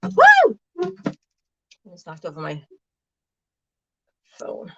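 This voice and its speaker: A woman's voice: mid-range voice, expressive, moderate pace, lo-fi sound, background noise. Middle-aged woman, livestream host, chats and laughs while prepping food. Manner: chatty and giggly, talking with food in her mouth. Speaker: vlog host reading live chat. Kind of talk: casual livestream chat while cooking.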